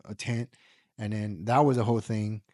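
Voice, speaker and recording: This is a man from the United States, speaking in a low-pitched voice. He rambles through a personal story in casual podcast conversation, leaning on fillers and tossing in the occasional curse. The sound is close and dry, with no room around it. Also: fairly even intonation, a little fast, darkish tone, no room sound. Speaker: podcast guest.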